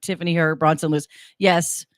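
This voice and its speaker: A woman co-hosting a casual morning radio show, chatty and rambling, with a husky morning voice. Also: low voice, fairly even intonation, fairly quick, dry recording, clean studio sound. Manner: chatty, laughing, rambling asides. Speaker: radio co-host. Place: radio studio.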